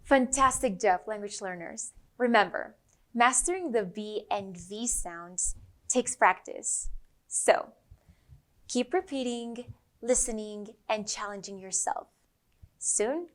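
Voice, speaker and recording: Brazilian-accented female teacher, deliberate unhurried pace, exaggerated sound modelling for repeat-after-me drills. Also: medium pitch. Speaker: English pronunciation teacher. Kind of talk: pronunciation lesson.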